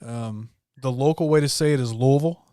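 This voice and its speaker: Relaxed man hosting a livestream. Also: mid-range voice, fairly quick, clean tone, dry recording, studio quality. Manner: relaxed, conversational. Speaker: livestream host. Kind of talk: casual livestream chat.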